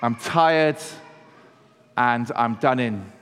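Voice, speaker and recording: A man's voice: mid-range voice, fairly bright tone, a little hiss or hum. Man preaching in a reverberant hall. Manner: measured, conversational preaching with slowed emphasis. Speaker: pastor. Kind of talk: sermon.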